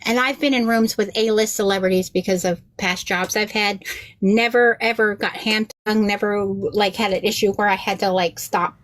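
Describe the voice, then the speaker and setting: A woman chatting casually on a podcast, an animated storyteller who acts out the voices she quotes and swears freely. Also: medium pitch, normal speed, slight background noise. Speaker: rabbi and podcast guest.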